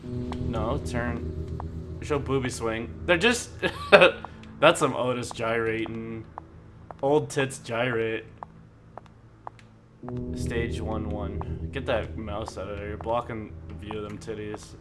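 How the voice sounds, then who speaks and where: A man's voice: lowish voice, fairly even intonation, slow, long pauses, over music. Crude joking male game streamer. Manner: crude, joking, laughs a lot. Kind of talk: crude comedic game commentary.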